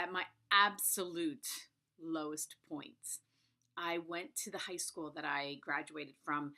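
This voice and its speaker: Woman, fifties, vlogger; crisp bright tone, earnest storytelling with hushed moments. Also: fairly low pitch. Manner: confiding, emphatic, drops to whispers. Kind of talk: personal storytelling to camera.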